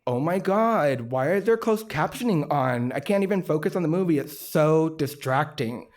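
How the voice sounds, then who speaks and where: A man's voice: a little high, lively intonation, moderate pace, a little mellow, pitched above the performer's own voice, lightly acted. A man voicing an annoyed movie-night guest who complains in an exasperated, whiny way.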